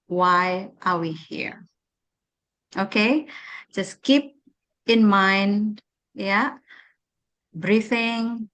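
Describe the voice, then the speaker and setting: A woman with an Indonesian accent runs a teacher-training workshop, talking participants through a mindfulness exercise slowly, repetitively, and with plenty of pauses. Her voice is mid-range and fairly bright.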